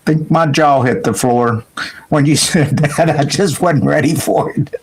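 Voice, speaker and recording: A man's voice: on the high side, a little slow, slightly rough. A man who is a guest saxophonist, chatting casually in a laid-back, drawling way. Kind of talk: casual interview chat.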